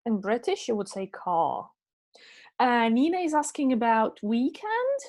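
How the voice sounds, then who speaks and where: A woman English teacher talks into an online meeting microphone, answering chat questions after her lesson. Her fairly high voice has a sing-song lilt, a slightly mellow quality, and a moderate pace. She patiently checks for understanding, tagging answers with "yeah?" and "okay?".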